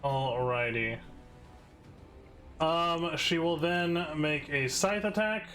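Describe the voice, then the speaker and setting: A man running a tabletop game as game master, briskly narrating and calling rolls and rules. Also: a little high, a bit bright, soft background music. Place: home setup, online live stream.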